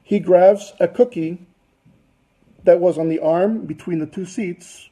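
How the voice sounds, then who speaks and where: A man's voice: high voice, steady tone, unhurried, warm tone, low-quality recording. A man presenting to a business audience, telling a long anecdote in a loose, chatty way full of fillers and asides.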